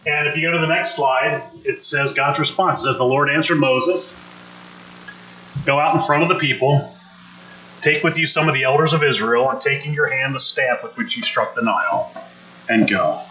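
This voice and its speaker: A man's voice: mid-range voice, normal speed, sharp tone, roomy sound, rough recording. A man preaching a conversational sermon, acting out quotes and asking the congregation questions. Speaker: pastor.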